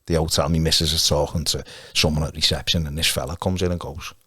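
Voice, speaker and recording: A man's voice: a bass voice, little pitch movement, quick pace, pushed and bright, breathy edge, no room sound, studio quality. A man chatting casually as a podcast guest, telling stories and chuckling often. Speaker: podcast guest, fan channel presenter. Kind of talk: casual chat and anecdotes.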